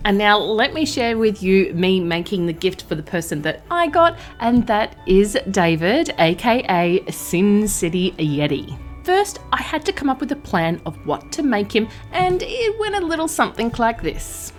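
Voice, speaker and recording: An Australian woman who makes art and craft videos, talking in a chatty, expressive way and laughing often. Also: mid-range voice, moderate pace, soft background music. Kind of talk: casual vlog narration.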